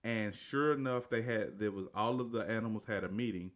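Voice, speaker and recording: A man's voice: on the low side, brisk. Man rambling through a movie plot. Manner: rambling, with frequent restarts and self-corrections; loose, colloquial storytelling with "right?" tags. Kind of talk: casual retelling of a movie plot.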